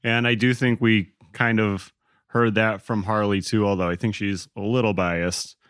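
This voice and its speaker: A man co-hosting a podcast, chatting in a relaxed, thoughtful way. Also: lowish voice, normal speed, clean tone, no room sound, clean studio sound. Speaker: podcast co-host. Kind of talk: casual podcast chat.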